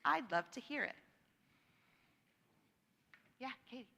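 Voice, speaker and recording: A bright, forward woman's voice leads a church gathering, chatty and encouraging with frequent laughter. Her slightly high voice rings out with the long reverb of a church hall. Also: expressive, takes it slowly, vocal fry. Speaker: church worship leader. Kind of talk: leading a congregation sharing time. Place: church sanctuary.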